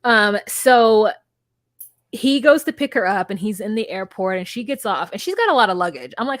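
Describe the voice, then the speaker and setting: A woman's voice: medium pitch, sing-song, normal speed, dry recording. A young woman co-hosting a podcast, recapping reality TV bluntly and swearing freely. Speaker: podcast co-host. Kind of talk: casual reality TV recap chat.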